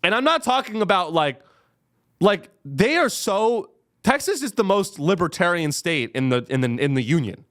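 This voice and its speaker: A man's voice: high voice, big pitch swings, normal speed, fairly bright tone. A young man hosting a comedy podcast. He sounds caffeinated and rambles through a profane monologue, full of restarts.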